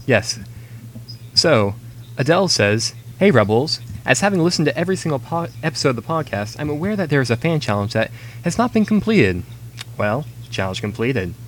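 A man's voice: a little high, big pitch swings, fairly quick, a bit bright, slight background noise. A man co-hosting a casual podcast chat, giving opinions and thinking aloud as he talks. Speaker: podcast co-host.

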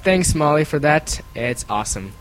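A man's voice: on the high side, lively intonation, normal speed, over a noisy crowd, low-quality recording. A man hosting a casual podcast, reading listener emails and chatting in a rambling, apologetic way. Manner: rambling, apologetic, laughs often; reads listener emails aloud. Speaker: podcast host.

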